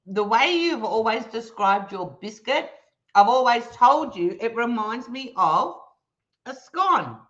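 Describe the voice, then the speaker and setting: An Australian woman hosting a casual live stream, reading viewer comments aloud in a playful, teasing and animated way. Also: fairly high pitch, slow pace, highs cut off. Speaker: livestream host reading chat.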